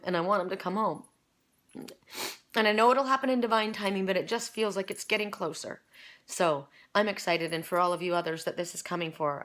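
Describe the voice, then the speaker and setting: A woman's voice: on the low side, a bit bright. Emotional woman giving an oracle card reading. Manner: emotional, earnest, halting with restarts. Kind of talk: spiritual card reading video.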